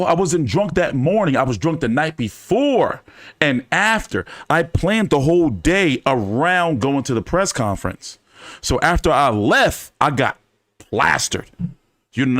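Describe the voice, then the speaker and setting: A man hosting a casual fan chat, telling stories in an animated, profane way with many fillers. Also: mid-range voice, dry recording, clean studio sound. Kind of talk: casual storytelling to a live chat.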